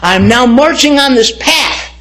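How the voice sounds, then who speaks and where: Impassioned high-voiced pastor giving testimony. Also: male voice, animated, measured pace, pushed and bright, rough recording. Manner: emphatic, impassioned storytelling. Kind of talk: personal testimony sermon.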